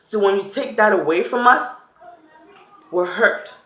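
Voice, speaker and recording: A young vlogger from Cameroon speaks earnestly to camera about her own story, performing little quotes as she goes. Her medium-pitched voice is fairly bright and a little slow, and the recording has a room echo.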